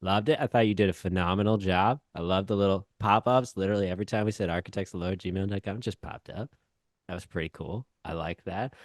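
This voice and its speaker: A man's voice: low voice, fast talker, no room sound, clean studio sound. A man co-hosting a podcast, chatting casually in a jokey, teasing way. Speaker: podcast co-host. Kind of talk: casual banter.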